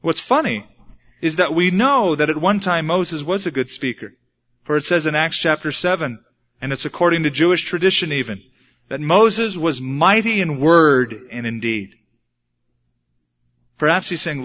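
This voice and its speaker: A man's voice: fairly high pitch, expressive, normal speed, fairly bright tone. A man, a father of a young son, preaching a sermon and acting out the voices he quotes. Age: adult with a young son. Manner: dramatic, acts out quoted voices. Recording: dull lo-fi recording.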